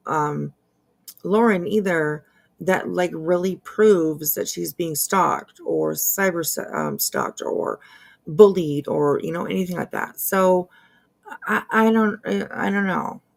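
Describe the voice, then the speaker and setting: A woman with a lowish, creaky voice and big pitch swings hosts casual drama commentary over clips, speaking unhurriedly. She rambles hesitantly, with plenty of fillers and restarts, and drops sarcastic asides.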